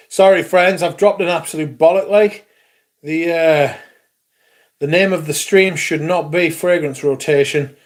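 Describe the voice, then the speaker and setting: Sweary, excitable British man streaming. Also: a little high, measured pace. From Britain. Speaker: livestream host. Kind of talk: casual livestream chat.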